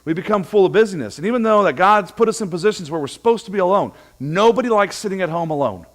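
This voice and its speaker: A man with a fairly high voice delivers a relaxed church sermon. He talks to the congregation like friends and tells stories from home. He acts out both sides of each exchange as he goes. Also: fast talker. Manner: conversational preaching with humorous anecdotes, acting out dialogue. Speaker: pastor.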